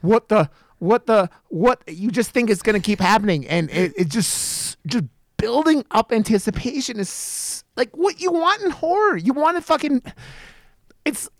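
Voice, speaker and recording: A man's voice: very high voice, moderate pace, dry recording, clean studio sound. A man co-hosting a podcast, chatting casually about horror films, swearing and acting out his reactions to scenes. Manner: animated, profane, acts out reactions in a raised voice. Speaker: podcast co-host.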